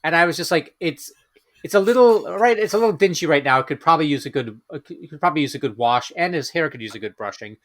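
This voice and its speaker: Halting man in casual podcast chat. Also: on the high side, lively intonation, a bit bright, no echo. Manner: halting, many filler pauses. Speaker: podcast co-host.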